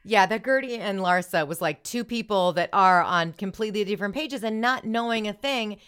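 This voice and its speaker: A woman's voice: mid-range voice, moderate pace, a bit bright, smooth. A woman hosting a podcast, retelling reality TV scenes in casual chat and acting out the quoted lines. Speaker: podcast host.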